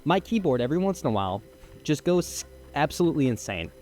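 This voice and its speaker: A young man giving casual let's-play commentary as a gaming streamer, chatty and excitable, swearing and laughing as he plays. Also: a little high, fast, soft background music.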